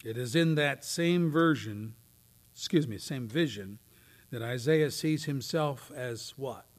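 A man preaching a sermon, swinging from loud, declaiming readings to near whispers. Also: medium pitch, slow pace. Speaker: pastor. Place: church.

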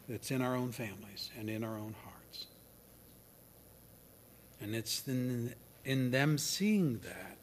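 A man preaching a sermon, swinging from loud declarations down to near-whispers. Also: medium pitch, slight background noise. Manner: slow and deliberate. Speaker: pastor.

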